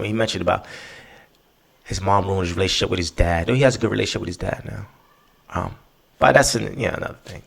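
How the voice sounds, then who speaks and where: Here the same kind of podcast host has a medium-pitched, creaky voice with a fairly bright tone. Speaking alone, he rambles casually, swears, hammers his points, and often tacks on "right?"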